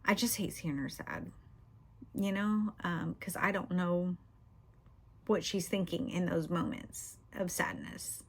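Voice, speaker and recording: A woman's voice: on the low side, takes it slowly, breathy edge. A middle-aged woman chatting candidly in a casual vlog, often using "you know" and "y'all". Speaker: book vlogger.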